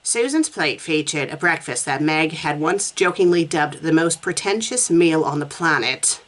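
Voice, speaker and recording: English woman, fanfiction reviewer, reading aloud, sarcastic asides, laughing, lively pitch swings. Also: normal speed, hardly any pauses. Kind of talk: reading a story aloud with commentary.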